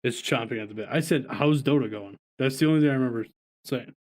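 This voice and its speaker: A male podcast co-host in a casual chat, telling stories with loose, profane humor. He laughs often as he talks, and his pitch sits in a middle range for a man. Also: fast.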